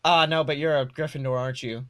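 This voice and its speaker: Bright-voiced joking man co-host. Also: medium pitch, steady tone, quick pace, dry recording, clean studio sound. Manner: joking, profane, mimics voices. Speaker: podcast co-host. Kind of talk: casual chat.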